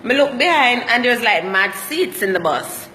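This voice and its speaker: A woman's voice: a little high, lively intonation, moderate pace, sharp tone, in a large hall, slight background noise. A Jamaican woman telling travel stories in a casual vlog, slipping into patois as she talks. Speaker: travel vlogger.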